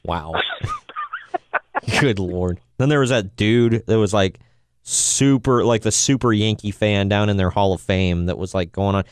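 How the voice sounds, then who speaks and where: A man's voice: lowish voice, very animated, moderate pace, clean tone, no room sound, studio quality. A man co-hosting a podcast in casual chat, jokey and teasing, laughing often. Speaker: podcast co-host.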